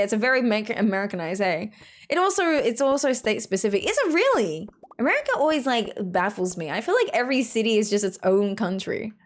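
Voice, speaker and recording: A young woman from Australia streaming a game, chatting casually with her chat in a rambling way, with "like" in every sentence and quick laughs. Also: fairly high pitch. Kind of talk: casual chat reading out chat messages.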